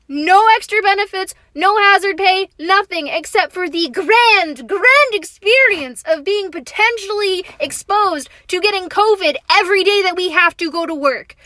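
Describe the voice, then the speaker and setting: A woman with a very high, bright voice, delivering a blunt rant full of sarcasm. She sounds exasperated throughout. The recording is dry and close, with no room sound. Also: dry recording. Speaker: essential worker. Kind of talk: ranting monologue.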